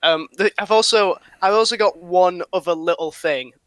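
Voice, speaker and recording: A man's voice: high voice, normal speed, a bit bright, smooth, no echo. A young man chatting casually on a podcast, rambling with lots of fillers, restarts and swearing. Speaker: podcast host.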